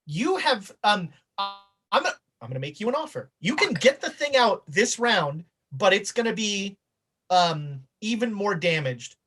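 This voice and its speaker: A woman's voice: mid-range voice, big pitch swings, normal speed, a bit bright, breathy edge, poor audio. A woman narrating as game master in a loose, chatty way with many fillers.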